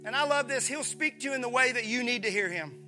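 A pastor from preaching a sermon, animated, acting out voices and calling on his listeners. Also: very high-pitched, fast talker, faint music behind. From Mississippi, USA. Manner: animated, acts out voices, calls on the congregation.

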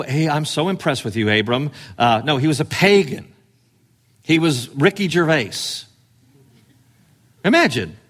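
A man's voice: a little high, a bit bright. A man preaching a sermon in a conversational, emphatic way, pushing his voice up on key phrases. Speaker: pastor.

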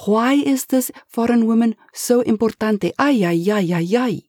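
A woman's voice: on the high side, lively intonation, unhurried, a little mellow, no echo, studio quality, voice pushed up. A woman voicing an anxious, loyal middle-aged male banker, pleading and wailing in a storybook reading. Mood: fretful.

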